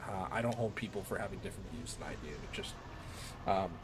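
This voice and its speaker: A man streaming a game, chatting casually in an excitable, rambling way and swearing freely. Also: low-pitched, fast talker, noisy background. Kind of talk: casual chat while gaming.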